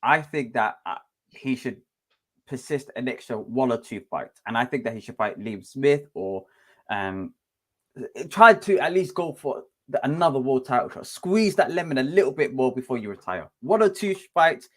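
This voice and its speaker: A man's voice: medium pitch, lively intonation, moderate pace, a bit bright. A man, co-hosting a podcast and giving his view in a hesitant, rambling way. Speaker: podcast co-host. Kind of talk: casual chat.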